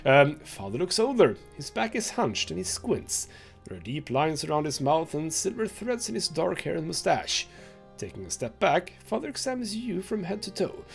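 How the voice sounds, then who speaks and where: Brief: let's play host, male, reads game text, chatty and animated, gravelly voice. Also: a little high, moderate pace, faint music behind. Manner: chatty asides with laughs between read passages. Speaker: gaming channel host.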